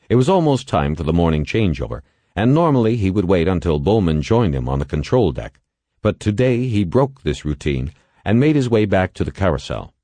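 A man narrating a novel as an audiobook in a measured, expressive way. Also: sits low, no room sound. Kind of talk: scripted narration.

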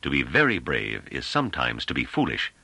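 A man doing a musing scholar, dry and distracted, deep and bright. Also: huge pitch swings, fairly quick, slightly rough, no echo, exaggerated voice. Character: thoughtful male scholar, distracted and wry.

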